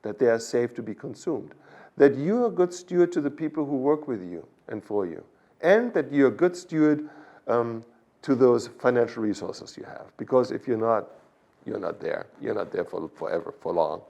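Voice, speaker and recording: A man's voice: medium pitch, animated, moderate pace, creaky, warm tone. A man with a German accent, a guest expert explaining a topic in a podcast interview, in a lecturing way that keeps checking in with "okay?". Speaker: animal science expert guest.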